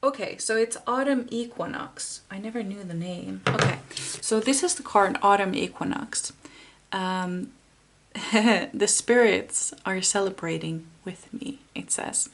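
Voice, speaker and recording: Woman, tarot card reader, gentle and encouraging, lots of ums, unhurried delivery. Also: medium pitch. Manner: soft, unhurried and encouraging, with many fillers. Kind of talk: pick-a-card tarot reading.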